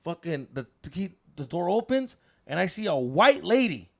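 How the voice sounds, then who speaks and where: A man's voice: high-pitched, sing-song, normal speed, creaky. A man in his thirties telling a wild story on a casual podcast, slangy, swearing often and mixing in Spanish words.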